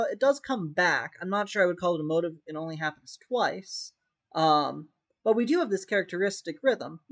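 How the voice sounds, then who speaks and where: Music teacher humming rhythms on "da". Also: male voice, sits high, expressive, fairly quick. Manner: explains step by step, hums rhythms on "da". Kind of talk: recorded online lesson. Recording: dull lo-fi recording.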